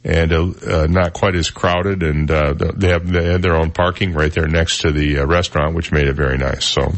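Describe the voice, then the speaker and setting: A man's voice: a bass voice, fairly even intonation, moderate pace. A man from Michigan hosting a casual radio talk show, chatty and joking with lots of fillers.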